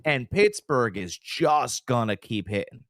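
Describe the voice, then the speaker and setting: A man co-hosting a sports betting podcast, talking casually with big exaggerations and quick impressions. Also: mid-range voice, no echo, clean studio sound. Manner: animated, hyperbolic, jumps into little impressions. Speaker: podcast co-host.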